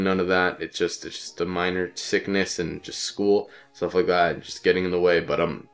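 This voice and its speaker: Congested deep-voiced young gamer guy. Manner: rambling, profane, offhand. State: congested with a cold. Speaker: let's play commentator. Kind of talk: casual gameplay commentary.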